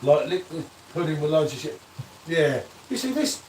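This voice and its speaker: A man's voice: fairly high pitch, very animated, normal speed, a little mellow, slight background noise. A man hosting a casual live beer-review stream, bantering and reading out viewer comments. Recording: echoey room, distant from the mic.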